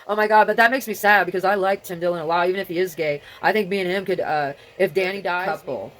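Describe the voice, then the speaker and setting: A middle-aged woman with a lowish voice talks fast in a rambling solo video. Her thoughts are scattered, she seems to be talking to herself, and she often trails off midway.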